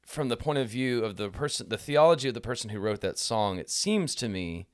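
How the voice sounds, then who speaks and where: A man's voice: medium pitch, animated, a little fast, no echo, studio quality. A man hosting a faith podcast, asking careful, thoughtful questions and hedging his opinions graciously. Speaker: podcast host. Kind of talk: casual faith conversation. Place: indoor room with guest.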